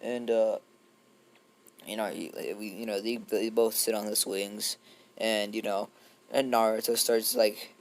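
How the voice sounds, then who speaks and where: A man's voice: lowish voice, little pitch movement, a little slow. A young man improvising a casual fan story, rambling and heavy with fillers and restarts.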